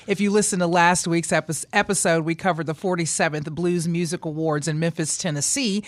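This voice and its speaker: A woman's voice: fairly low pitch, fairly even intonation, a little fast, dry recording. A woman hosting a radio show in casual, playful chat, teasing her co-host and laughing easily. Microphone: studio microphone.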